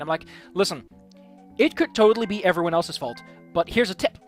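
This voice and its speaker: High, lively-voiced gaming man. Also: fairly quick, faint music behind. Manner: rambling, animated, swears freely. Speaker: let's play streamer. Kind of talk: casual gameplay commentary.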